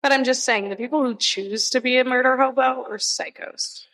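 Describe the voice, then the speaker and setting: A woman's voice: high voice, steady tone, normal speed, a bit bright. Blunt, opinionated woman on a podcast. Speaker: podcast co-host. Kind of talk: casual chat.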